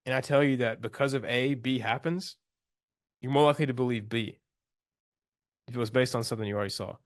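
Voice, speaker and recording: A young man runs a live coaching call in a loose, slangy, enthusiastic style, often restarting his sentences. His pitch is ordinary. The sound is dry and close, with no room sound.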